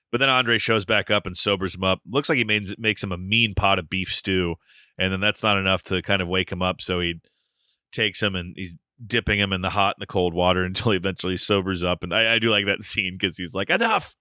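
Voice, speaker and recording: A man's voice: sits low, fairly even intonation, fairly quick, sharp tone, clear, resonant tone, dry recording, clean studio sound. A man co-hosting a podcast, recapping a film plot in a wry, joking way. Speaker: podcast co-host. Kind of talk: casual film discussion.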